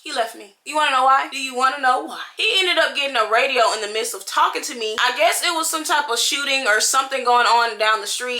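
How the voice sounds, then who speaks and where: A young woman vlogger tells a wild story in a quick, high, bright voice. She is pregnant and talks in a chatty, slang-heavy, animated way. Her delivery is energetic and casual throughout.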